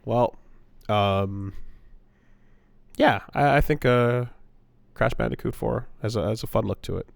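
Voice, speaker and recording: Male podcast co-host, relaxed and profane, mid-pitched voice, dry close mic. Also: unhurried, gravelly, long pauses, dry recording. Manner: laid-back, swearing, slips into mock mobster voice. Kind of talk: casual chat.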